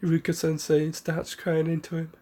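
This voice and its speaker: A man casually narrating an improvised fan story in a rambling, halting way with many restarts. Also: fairly high pitch, monotone, dark tone.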